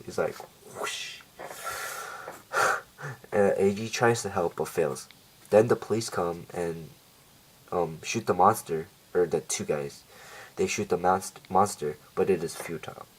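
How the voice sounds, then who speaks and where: A man's voice: low-pitched, a little hiss or hum, poor audio. A man casually recapping a TV episode, rambling with lots of fillers and self-corrections. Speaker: show reviewer.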